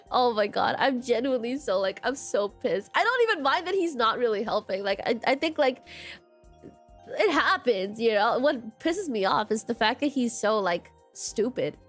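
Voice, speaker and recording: A young woman streaming a story game, commenting casually, exasperated and swearing often, saying "question mark" aloud. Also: on the high side.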